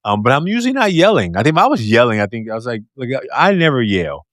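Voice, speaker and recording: A man hosting a podcast interview with a loud, deep, projecting voice, talking in an animated, expressive way and laughing often. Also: fast, no room sound, clean studio sound. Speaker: podcast host. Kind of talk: casual conversational interview.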